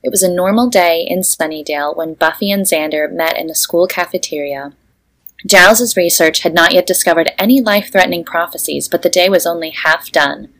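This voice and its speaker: A woman with a somewhat low voice, chatting casually on a podcast. She reads silly fan fiction aloud and keeps breaking into giggles. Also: a bit bright. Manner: giggly, laughs often while reading. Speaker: podcast co-host.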